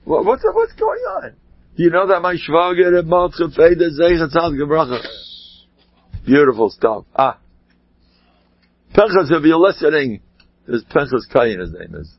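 A man tells Torah stories in a loose, rambling way, full of animated asides. His voice is husky. The recording is dry and dull, with a lo-fi sound. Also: a little high, moderate pace, pauses often, no echo. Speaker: rabbi giving a talk. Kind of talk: informal Torah talk with stories.

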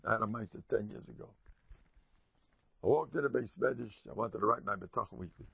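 Gravelly man giving a lively Torah class. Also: brisk, long pauses, no room sound. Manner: jokey, acts out quotes with sudden high squeaks and mutters. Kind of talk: animated Torah lecture with storytelling. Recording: dull lo-fi recording.

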